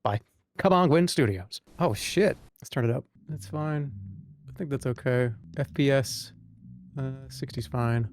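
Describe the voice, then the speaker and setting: A man's voice: medium pitch, a little slow, a little mellow, a little hiss or hum. A man streaming a game live, chatting to viewers in a joking, rambling way. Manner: joking, rambling, talks to chat. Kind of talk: live-stream gameplay commentary.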